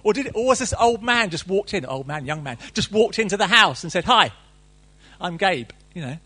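Male preacher, middle-aged, husky, lively sermon delivery with playful asides. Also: high voice, fast talker. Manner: reads scripture then riffs animatedly, playful asides.

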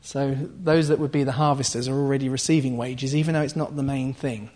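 A man with a medium-pitched voice and fairly even intonation talks a little fast while preaching. His teaching is conversational: he retells and explains a scripture passage line by line, with asides to those listening and soft laughs.

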